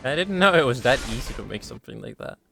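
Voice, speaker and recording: A man's voice: medium pitch, lively intonation, quick pace, creaky, pushed and bright, soft background music. A man streaming a video game, chatting casually and laughing as he plays. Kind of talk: casual gameplay commentary.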